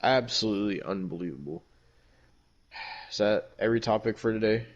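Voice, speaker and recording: A man's voice: lowish voice, brisk, lo-fi sound. A man hosting a casual podcast, ranting heatedly and swearing constantly. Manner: heated, heavily profane ranting. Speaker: podcast host.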